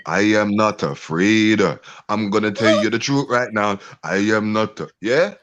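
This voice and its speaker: A man's voice: fairly low pitch, fairly bright tone, lo-fi sound. A man on a live panel chat, joking around and swearing. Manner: joking, swears, drawn-out exclamations. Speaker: panel guest. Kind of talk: casual banter on a live panel show.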